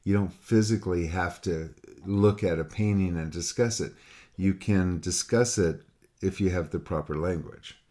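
With a low, dark voice at a moderate pace, a painting teacher chats one-on-one with a student by call. His critique is casual and rambling, full of repeated words and student quotes done in other voices.

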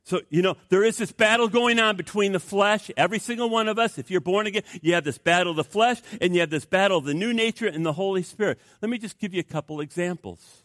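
A man preaching a sermon as pastor, animated, acting out inner voices for his congregation. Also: high-pitched, fast talker, hardly any pauses, dry recording, studio quality. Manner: animated, acts out voices of flesh and Spirit.

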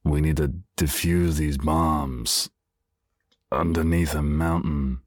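A man putting on a terse, gravelly voice as a gruff male action-movie hero. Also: fairly even intonation, dry recording, clean studio sound, exaggerated voice. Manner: low, slow, smoker-gruff growl.

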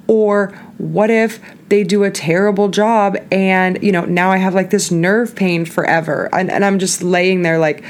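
A woman's voice: fairly low pitch, fairly even intonation, moderate pace, a little hiss or hum. A woman hosting a podcast, telling a story in a chatty, candid way, full of "like" and frequent laughs. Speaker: podcast host. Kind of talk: casual storytelling monologue.

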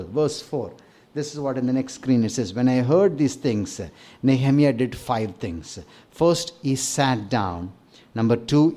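A middle-aged pastor with a Tamil accent delivers a sermon in a relaxed, conversational manner. He stumbles through fillers and restarts, keeping his pitch at an ordinary middle level for a man. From Tamil-speaking South India.

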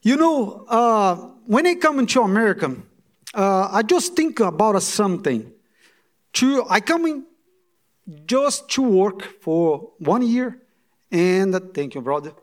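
A male pastor in his forties speaks with a fairly high voice. He prays and then preaches, repeating phrases for emphasis. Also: sing-song, measured pace. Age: 40s. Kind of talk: sermon with prayer.

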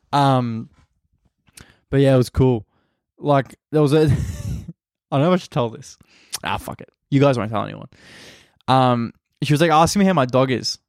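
A man's voice: mid-range voice, darkish tone, clean tone, no echo, studio quality. A man with an Australian accent, a stand-up comedian rambling crudely through a casual solo podcast. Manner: crude, rambling, heavy swearing.

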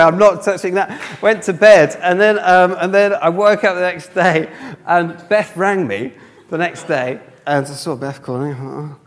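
Man telling a funny story in a hall. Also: high-pitched. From north of England. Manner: humorous, self-mocking, acts out dialogue. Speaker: speaker. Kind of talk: storytelling sermon. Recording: long hall reverb.

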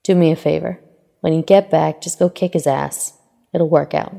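A grouchy old man snaps out curt, swearing lines with a soft tender streak underneath, as a woman reads him aloud. The voice is gravelly and mellow. A long reverb trails every word. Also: sits low, fairly even intonation, moderate pace, exaggerated voice. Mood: gruff tender. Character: cranky grouchy elderly man, gruff but tender. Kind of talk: fan fiction reading.

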